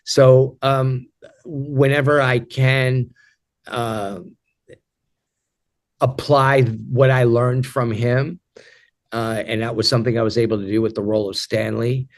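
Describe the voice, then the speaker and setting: A man in his fifties answering interview questions as an actor, reflective and halting, with frequent repeated starts. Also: mid-range voice, flat delivery. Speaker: actor guest.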